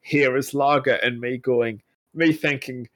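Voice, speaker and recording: A man chatting on a podcast, telling animated, laugh-filled anecdotes with some swearing. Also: mid-range voice, measured pace. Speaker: podcast guest. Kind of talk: casual podcast chat.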